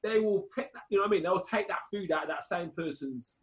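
A man's voice: high voice, fast, poor audio. A man, talking animatedly in a casual panel chat. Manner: animated, slips into mock voices and laughs.

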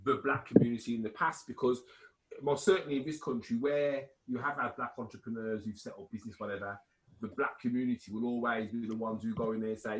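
A man's voice: mid-range voice, fast talker, low-quality recording. A man, talking animatedly in a casual panel chat. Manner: animated, slips into mock voices and laughs.

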